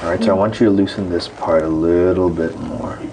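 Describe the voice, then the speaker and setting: A man working as a chiropractor, calmly giving short instructions to a patient during treatment. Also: deep voice, a little fast, crowd noise. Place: treatment room.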